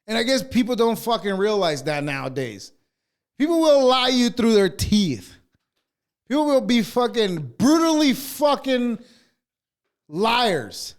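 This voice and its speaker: A man's voice: extremely high pitch, very animated, a little slow. A man co-hosting a podcast, ranting heatedly with constant swearing. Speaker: podcast co-host. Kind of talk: casual podcast rant.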